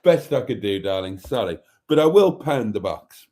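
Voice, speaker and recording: A man's voice: on the low side, sing-song, normal speed, few pauses, dark tone. A man hosting a casual livestream, chatting and reading out viewers' comments in a chatty, theatrical way that calls them darlings. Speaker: livestream host.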